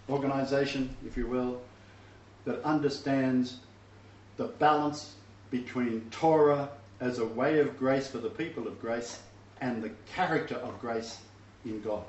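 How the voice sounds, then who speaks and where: A man's voice: mid-range voice, a little slow. A man preaching a teaching sermon to a messianic congregation, emphatic and often asking the listeners rhetorical questions. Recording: distant, roomy, dull recording with faint background noise.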